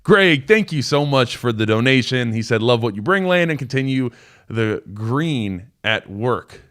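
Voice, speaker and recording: A man's voice: medium pitch, expressive, fairly quick, a bit bright, clean tone. A man in his twenties, a former college football player, hosting a live call-in sports show in a loose, casual way with lots of fillers. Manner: casual, rambling storyteller with many fillers.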